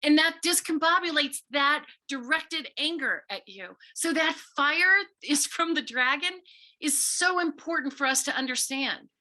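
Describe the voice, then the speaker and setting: A woman's voice: high-pitched, expressive, unhurried, bright, forceful tone. A middle-aged woman author giving an earnest, storytelling talk to schoolchildren, sometimes acting out quoted voices. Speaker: visiting author speaking to students.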